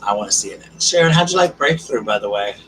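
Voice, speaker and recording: A man's voice: on the low side, lively intonation, quick pace, a bit bright. Chatty man, distant mic. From South Carolina. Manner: chatty and affectionate, calls viewers girl, darling, honey. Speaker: live stream host. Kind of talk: casual live stream chat, reading viewer comments. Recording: distant mic with noticeable background noise.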